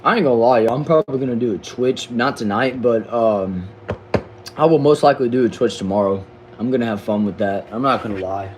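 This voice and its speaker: A man's voice: medium pitch, a little fast, slight background noise, poor audio. A young man with a Southern accent from Texas, casually reading viewers' comments on a livestream in a slangy, laid-back way, often stumbling over and repeating words. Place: back shed.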